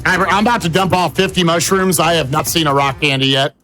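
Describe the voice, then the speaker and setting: A young man speedrunning live, joking and excitable as he chats with co-commentators. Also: on the high side. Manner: excitable, joking, quick banter. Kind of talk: casual live commentary while playing. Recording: game music behind the voice.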